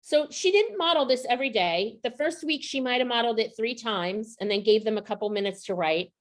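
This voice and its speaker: A woman's voice: on the high side, expressive, a little fast. A woman presenting a literacy training session to teachers, explaining student writing samples and often checking in with the audience. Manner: explanatory, checks in with rhetorical "right?". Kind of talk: professional development presentation.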